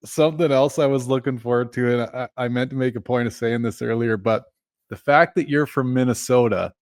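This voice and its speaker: Canadian dude hosting a podcast, laid-back, swears a bit, dry close sound. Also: male voice, mid-range voice, fairly quick, no room sound. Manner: laid-back, swears casually, chuckling asides. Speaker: podcast host. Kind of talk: casual chat.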